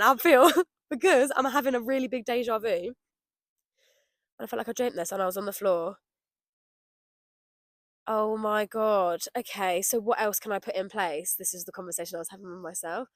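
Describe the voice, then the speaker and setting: A woman hosting a podcast, talking to herself in a rambling reflection, laughing often and swinging from loud outbursts to quiet murmurs. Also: medium pitch, moderate pace, long pauses, no room sound. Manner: talks to herself as "babe" and "darling". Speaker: podcast host. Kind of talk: solo spoken reflection outdoors.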